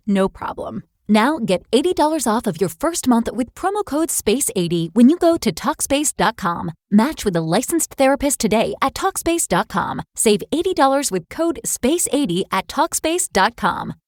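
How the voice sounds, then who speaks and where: A woman reading a scripted sponsor ad in a calm, soothing, even way. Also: a little high, no echo, studio quality. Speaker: ad read voice.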